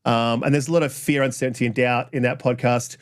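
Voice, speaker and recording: A man hosting a gaming podcast in casual chat, rambling with many fillers and restarts, quick to apologize. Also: medium pitch, steady tone, smooth. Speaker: podcast host.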